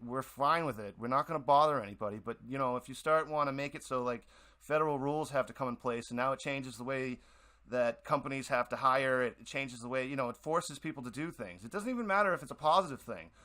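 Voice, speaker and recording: Bright-voiced man ranting on air. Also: medium pitch, quick pace. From Boston area, US. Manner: rambling, heated, many restarts. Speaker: radio show host. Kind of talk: casual opinion monologue.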